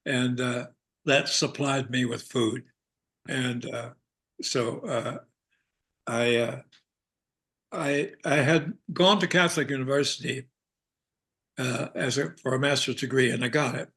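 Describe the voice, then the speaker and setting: An older man from Arkansas, an actor guest telling anecdotes in a meandering, halting way and chuckling often. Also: mid-range voice, fairly even intonation, a bit bright, husky. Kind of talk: casual anecdotal storytelling.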